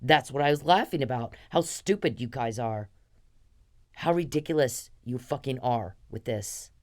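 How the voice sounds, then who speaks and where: Animated and very deep-voiced, a woman in her fifties rants at a moderate pace on her podcast, angrily swearing at and accusing the one person she's addressing.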